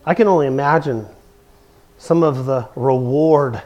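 A man preaching an expository sermon, emphatic, slowing down and stretching key words and repeating phrases for weight. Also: medium pitch, darkish tone.

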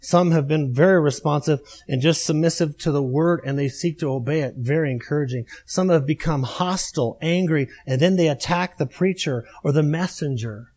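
A man's voice: on the high side, moderate pace, hardly any pauses, darkish tone. A middle-aged male pastor preaching a sermon to his congregation, with emphatic, repeating phrases and a direct, pleading manner. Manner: emphatic, repetitive preaching cadence.

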